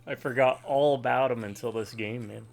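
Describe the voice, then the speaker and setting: A middle-aged man with a gravelly, creaky voice rambles easily between moves in a co-op game. Faint game music hums behind him. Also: medium pitch, steady tone, a little fast, a little mellow. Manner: laid-back, rambling. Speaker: co-host gamer. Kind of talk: casual gameplay chat.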